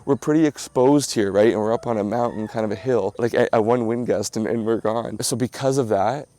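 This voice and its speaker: A man's voice: mid-range voice, a little fast, warm tone. A man hosting a casual vlog, telling a story in a chatty, rambling way with lots of fillers and restarts, outdoors at his hillside home. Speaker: vlog host.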